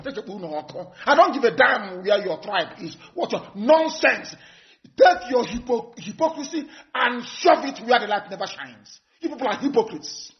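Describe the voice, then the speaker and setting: A Nigerian-accented man delivers a fiery broadcast address in a voice pitched high for a man. He is scornful and emphatic, hammering phrases again and again. The recording is dull and lo-fi. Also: very animated, unhurried. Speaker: political activist. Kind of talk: impassioned live broadcast speech.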